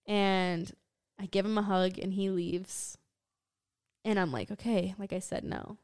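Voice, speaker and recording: Smooth-voiced young woman telling a story. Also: fairly even intonation, a little slow, dry recording, studio quality. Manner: storytelling, many "like" fillers, often drops her voice low. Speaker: podcast co-host. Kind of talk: casual chat.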